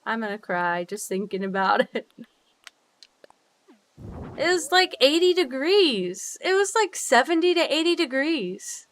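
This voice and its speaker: A young woman chatting casually with her viewers while playing a game, bubbly and quick to laugh, swearing freely with sudden high squeals. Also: very animated, fairly bright tone. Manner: bubbly, swears freely, laughs often, big jumps in pitch. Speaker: streamer. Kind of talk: casual livestream chat while gaming.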